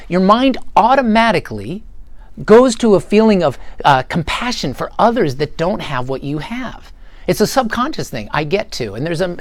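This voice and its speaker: A man's voice: high voice, no room sound. A middle-aged man giving an earnest motivational talk to a live audience, acting out little quotes as he goes. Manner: animated and earnest, acts out quotes. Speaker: motivational speaker.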